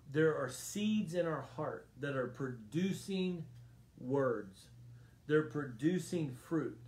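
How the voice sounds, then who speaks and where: Pastor, man, fairly high voice, earnest repeating delivery, roomy church echo. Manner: earnest, emphatic, repeats phrases. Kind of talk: sermon. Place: church sanctuary.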